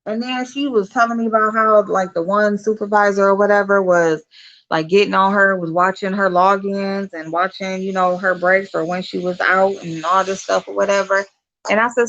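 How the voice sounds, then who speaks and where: A woman's voice: mid-range voice, normal speed. Chatty swearing woman, dull lo-fi sound. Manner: loud and expressive, laughs a lot, swears casually. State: yawning, tired. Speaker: vlogger. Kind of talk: casual chat to viewers.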